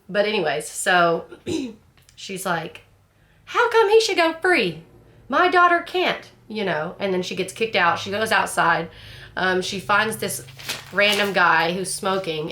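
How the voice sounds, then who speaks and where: A woman with a fairly low voice talks through a book in casual discussion. Her tone has a gravelly, fry-laden edge, and she rambles frankly, full of fillers and restarts. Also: bright, forceful tone. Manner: frank and chatty, laughs at the story. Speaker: book club host.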